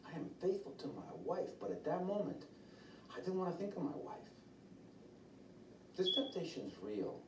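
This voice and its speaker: A man's voice: high-pitched, normal speed, long pauses. A man preaching a sermon from a distance in a roomy, echoing space. He tells stories and acts out the people he quotes, with a faint hiss behind him. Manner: storytelling, quotes others in lively changing voices. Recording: roomy echo, from far off the mic, faint noise.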